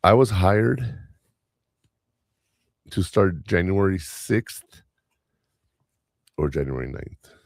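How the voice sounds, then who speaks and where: A man's voice: low-pitched, expressive, extremely slow, gravelly, long pauses, darkish tone, dry recording. A man hosting a podcast, telling workplace stories in a casual, rambling way with lots of fillers and restarts. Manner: chatty storyteller, many fillers and restarts. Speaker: podcast host. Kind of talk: casual chat.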